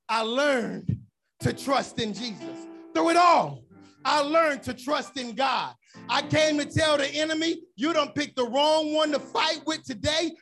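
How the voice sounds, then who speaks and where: A woman preaching a sermon, shouting with passion in a rhythmic call-and-response cadence and repeated refrains. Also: high-pitched.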